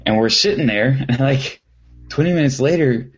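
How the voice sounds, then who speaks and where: A man's voice: medium pitch, moderate pace, slightly rough, lo-fi sound. A man chatting casually as a podcast co-host, rambling through a story with lots of fillers and restarts. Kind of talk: casual chat.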